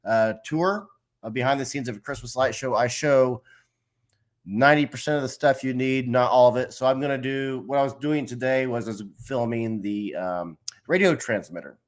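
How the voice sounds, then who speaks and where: A middle-aged man hosts a casual livestream. He talks in a loose, rambling, friendly way, often breaking off to greet viewers from the chat. His voice sits at an ordinary middle pitch. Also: moderate pace. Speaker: host of a livestream. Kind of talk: casual live-stream chat.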